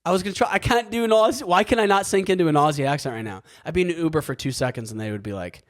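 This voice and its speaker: A man's voice: a little high, racing. A young American man hosting a podcast alone, talking in a loose, rambling way, full of fillers and casual swearing. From United States. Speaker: podcast host. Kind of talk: casual solo podcast monologue.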